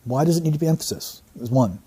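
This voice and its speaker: Male analyst, slightly high but very mellow and breathy; deliberate, teacherly commentary. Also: animated. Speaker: statement analyst. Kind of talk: explanatory commentary.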